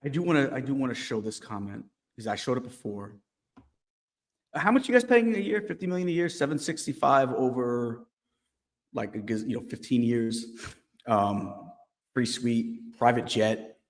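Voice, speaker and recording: Mid-pitched male co-host, teasing banter, reverberant sound. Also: normal speed. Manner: joking, teasing. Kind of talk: casual sports banter.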